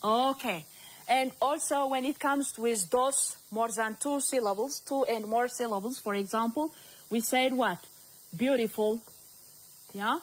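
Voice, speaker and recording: A woman's voice: on the high side, measured pace, low-quality recording. A woman from Ethiopia teaching a recorded grammar lesson, repeating words and asking the class questions as she goes.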